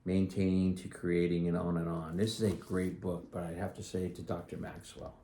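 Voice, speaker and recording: A man's voice: low voice, little pitch movement, normal speed, warm tone, a little hiss or hum. A middle-aged man hosting his own podcast, talking casually and earnestly, rambling a little with restarts and asides. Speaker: podcast host. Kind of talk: casual solo talk.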